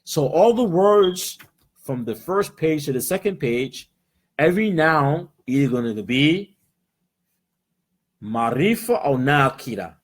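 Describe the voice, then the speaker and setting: American guy teaching a class in person, husky voice, goes up and down a lot, keeps saying right?. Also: a little high, animated, takes it slowly. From United States. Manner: checks in constantly with "right?"; explains patiently, switching between English and Arabic words. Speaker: Arabic teacher. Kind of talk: classroom lesson.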